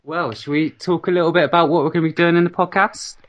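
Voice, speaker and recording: A man's voice: on the high side, steady tone, quick pace, no echo, muffled recording. Easygoing British man with a dry sound. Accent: British English. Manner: easygoing, laughs often, self-mocking. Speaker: podcast co-host. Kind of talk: casual gaming podcast chat.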